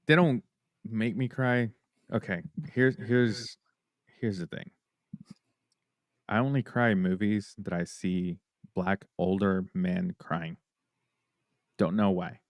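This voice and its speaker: A man's voice: low-pitched, no echo. A man co-hosting a podcast, telling stories in a playful, teasing way. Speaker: podcast co-host. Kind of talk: casual podcast chat.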